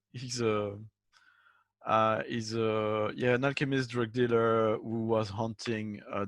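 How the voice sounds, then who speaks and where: A man taking part in a tabletop game who explains things hesitantly, full of fillers and restarts. His voice is low and the recording is dry and close. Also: a bit bright, no room sound. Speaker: player.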